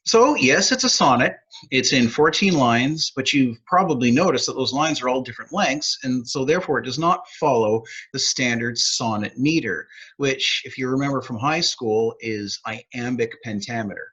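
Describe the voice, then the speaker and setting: A husky-voiced man teaches poetry and sounds out the beats as he explains them. His tone is upbeat and explanatory, and the recording sounds dull and lo-fi. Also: medium pitch, expressive, moderate pace, fairly bright tone. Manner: upbeat, explanatory, taps out rhythms aloud. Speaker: poet laureate teaching poetry. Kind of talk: educational video talk.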